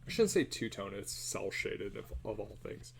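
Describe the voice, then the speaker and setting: A man's voice: fairly low pitch, big pitch swings, normal speed, vocal fry, breathy edge. A man chatting casually and muttering self-deprecating remarks while he draws on a live stream. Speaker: artist streaming a live drawing session.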